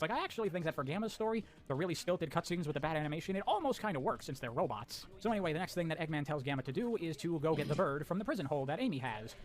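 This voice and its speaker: A man briskly recapping a game's story with blunt, sarcastic commentary and casual swearing. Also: fairly high pitch, animated. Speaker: video essayist narrating a story recap.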